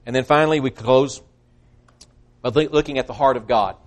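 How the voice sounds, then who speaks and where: A man's voice: mid-range voice, fairly quick. A male preacher giving a sermon, earnest and emphatic, quoting scripture at length.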